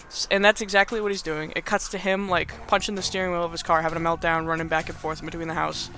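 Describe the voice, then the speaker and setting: A podcast host recaps a movie in a rambling, chatty way, laughing often, as its soundtrack plays faintly behind him. His voice sits high with a bright, forceful tone and fairly even intonation, and he talks fast with few pauses.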